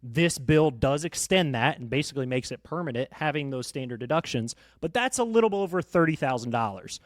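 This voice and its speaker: A man's voice: mid-range voice, expressive, a little fast, no echo. A man who works as a financial planner, confidently explaining tax deductions on a podcast. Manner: confident, explanatory, uses round numbers. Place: podcast studio.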